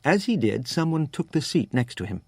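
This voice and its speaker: A man narrating an audiobook in a measured, even storytelling manner. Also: mid-range voice, gravelly, breathy edge, dry recording. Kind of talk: scripted narration.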